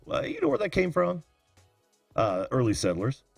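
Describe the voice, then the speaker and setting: A man's voice: mid-range voice, huge pitch swings, normal speed, creaky, dry recording, faint music behind. An American man hosting a video call-in show, bantering with dry wit and laughing easily. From United States. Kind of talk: casual banter.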